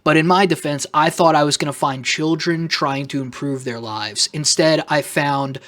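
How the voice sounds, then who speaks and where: A man's voice: fairly high pitch, normal speed, fairly bright tone. A man making an off-the-cuff vlog, talking sarcastically and rambling, with self-conscious asides. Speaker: YouTuber.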